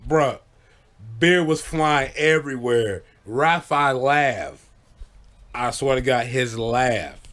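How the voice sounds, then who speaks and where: A man's voice: medium pitch, fairly bright tone. A man telling stories casually into the camera, laid-back and profane, often checking in with his listeners. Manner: laid-back, profane, keeps saying "you know what I'm saying". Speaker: vlogger. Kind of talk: casual storytelling.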